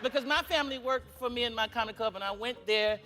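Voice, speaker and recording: Fast animated man telling stories in interview. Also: very high-pitched, faint music behind. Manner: animated, fast, acts out quotes. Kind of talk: casual interview storytelling.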